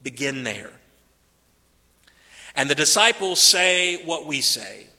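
A man preaching a sermon, deliberate and repeating phrases for emphasis. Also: high voice, lively intonation, sharp tone, long reverb tail.

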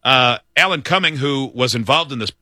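A man's voice: mid-range voice, expressive, moderate pace, bright, forceful tone. A man hosting a casual morning radio show, reading news items aloud and joking with his co-hosts. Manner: reads news aloud with jokes and laughter.

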